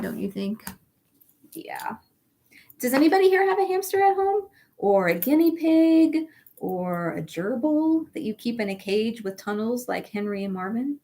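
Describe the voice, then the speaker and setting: Animated woman reading a children's story. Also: medium pitch. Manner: animated, asks children questions. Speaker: children's librarian. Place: library.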